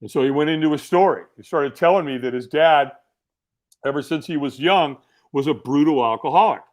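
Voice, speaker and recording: Animated storytelling man, slightly high voice. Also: brisk. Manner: animated storyteller, many fillers and restarts. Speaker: podcast guest. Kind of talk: casual storytelling.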